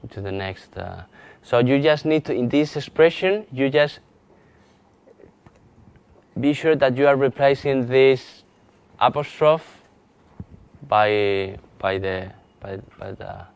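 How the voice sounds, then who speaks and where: A man with a Spanish accent teaching a live software training lesson, halting often with restarts and fillers as he demonstrates on screen. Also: mid-range voice, creaky, clean tone. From Spain. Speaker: GIS instructor.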